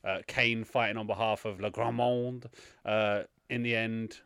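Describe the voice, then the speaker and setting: Smooth-voiced podcast host. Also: male voice, lowish voice, flat delivery, a little slow, fairly bright tone, no room sound, clean studio sound. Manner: jokey, teasing, rambling plot summary. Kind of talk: casual podcast chat.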